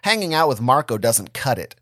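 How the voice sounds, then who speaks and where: A man's voice: mid-range voice, very animated, brisk, a bit bright, no echo, clean studio sound. A man voicing a stern, house-proud middle-aged mother who nags and scolds, in a storybook reading. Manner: scolding, nagging.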